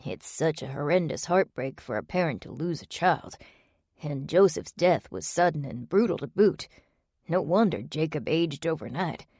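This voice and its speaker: A man's voice: on the high side, animated, moderate pace, a little mellow, no echo, studio quality. A woman reading the lines of an eager, good-humored man in a bible study group.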